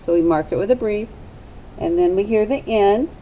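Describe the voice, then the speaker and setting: A woman teacher giving a phonics lesson to young children, sounding out letters slowly and deliberately. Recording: slightly dull recording with faint rumble.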